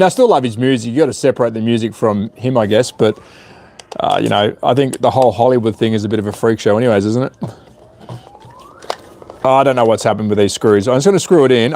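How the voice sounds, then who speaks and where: A man's voice: medium pitch, a little mellow. Man, hobby streamer, casual self-mocking work commentary. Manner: chatty, self-deprecating, mutters to himself while working. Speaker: hobby livestreamer. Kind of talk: casual live-stream commentary while tinkering.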